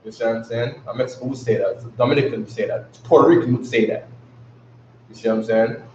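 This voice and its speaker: A man's voice: mid-range voice, fast talker, a little mellow, a little hiss or hum. A man teaching a class in a casual, slangy way, often asking if listeners follow him. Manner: slangy, keeps asking "you know what I'm saying". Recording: echoey room, distant mic, dull lo-fi.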